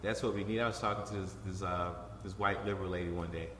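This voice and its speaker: Bright-voiced man, echoey room. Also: low-pitched, quick pace, a little hiss or hum. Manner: animated, profane storytelling with many restarts. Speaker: congressional candidate. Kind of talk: casual podcast interview. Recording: echoey room with long reverb.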